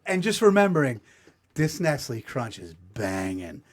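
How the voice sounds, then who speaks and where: A man's voice: medium pitch, very animated, a little slow. A man hosting a podcast, telling a story in a casual, profane, self-mocking way. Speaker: podcast host. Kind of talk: comedic storytelling.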